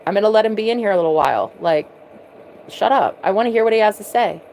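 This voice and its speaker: A woman's voice: mid-range voice, lively intonation, quick pace, vocal fry, darkish tone, a little hiss or hum, low-quality recording. Casting: chill male leader, offhand and dismissive, as a woman puts him on. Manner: dismissive, casual. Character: laid-back male group leader, casual.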